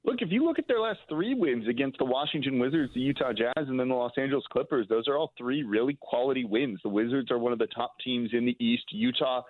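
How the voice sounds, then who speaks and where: A man calling in as a team analyst on sports talk radio, giving steady, detailed analysis. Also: mid-range voice, fast talker, few pauses, dry recording. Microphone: phone call. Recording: tinny phone line.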